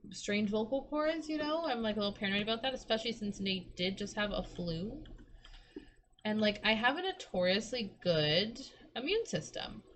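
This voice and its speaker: A hoarse young woman who has lost her voice, chatting and swearing casually while streaming a game. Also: medium pitch, a bit bright, slight background noise. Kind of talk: casual gameplay commentary.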